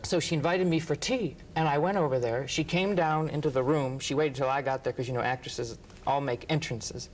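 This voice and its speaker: A man, a writer and interview guest, telling lively anecdotes and acting out what others said. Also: medium pitch, fairly quick, hardly any pauses, slight background noise, low-quality recording. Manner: animated, acts out quotes, laughs often. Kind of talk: anecdotal storytelling.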